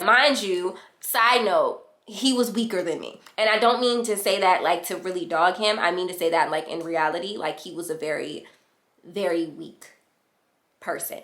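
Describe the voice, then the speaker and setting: A young woman vlogger telling a storytime in casual chat, animated and slangy, acting out what others said. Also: on the low side, moderate pace. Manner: animated, slangy, acts out quotes. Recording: echoey room.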